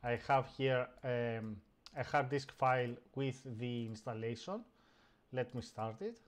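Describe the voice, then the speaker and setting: A man hosts a casual live stream, narrating each step of a computer task as he works through it. His pitch is middling and his pace slow, and he often stops to search for words, hesitating with many fillers and restarts.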